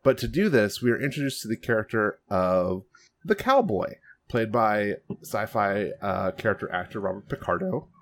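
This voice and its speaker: A man co-hosting a casual podcast, summarizing the plot with sarcastic, deadpan jokes. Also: on the low side, moderate pace. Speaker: podcast co-host. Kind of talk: casual chat.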